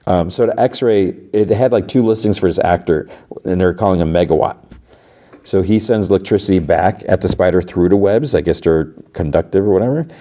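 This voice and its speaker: The voice is a low-pitched, warm, mellow male one. A podcast host casually retells a TV episode and trails off into "like" and "uh" as he goes. His delivery is relaxed and conversational. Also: fairly quick. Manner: loose retelling full of "like" and "uh".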